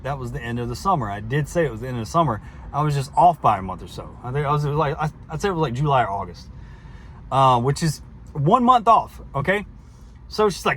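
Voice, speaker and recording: Male podcast host, casual storyteller, restarts a lot, somewhat high voice. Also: fairly bright tone, slight background noise. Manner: rambling, frequent restarts and fillers, laughs while recounting.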